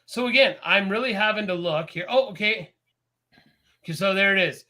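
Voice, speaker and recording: A Canadian man co-hosting a podcast in casual chat, rambling and animated, laughing often. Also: high voice, normal speed. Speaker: podcast co-host.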